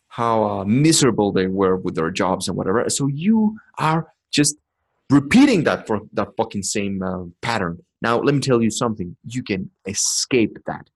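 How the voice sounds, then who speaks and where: A man with a husky, somewhat low voice hosts a podcast. He talks in a blunt, profane, preachy style, pushing his listeners hard in an intense motivational monologue. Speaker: podcast host.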